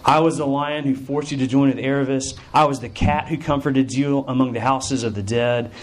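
A man voicing a mysterious, gentle great lion as he tells a story in a sermon, speaking slowly and solemnly. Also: steady tone, close to an everyday voice. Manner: slow, low and measured.

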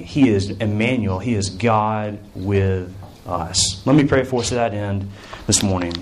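A man's voice: fairly low pitch, slight background noise. Earnest male pastor preaching. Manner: earnest, with drawn-out emphatic phrases. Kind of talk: sermon.

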